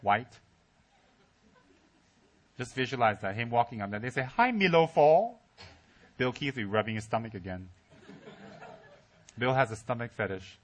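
A man's voice: on the low side, steady tone, normal speed, pauses often, fairly bright tone. Joking man giving a Dharma talk. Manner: joking, teasing, acts out mock voices. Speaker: Buddhist teacher.

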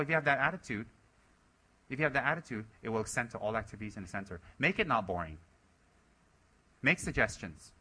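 A man's voice: medium pitch, sharp tone. A man, a Buddhist teacher, giving a dharma talk to his center's members, exhorting and scolding them and mocking their excuses in put-on voices.

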